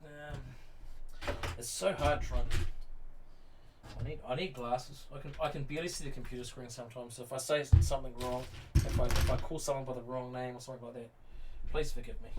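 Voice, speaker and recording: A man's voice: mid-range voice, steady tone, a little fast, pauses often. A middle-aged man with a New Zealand accent, hosting a casual livestream and chatting to viewers in a rambling, teasing way full of fillers. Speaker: livestream host. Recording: distant mic with faint noise.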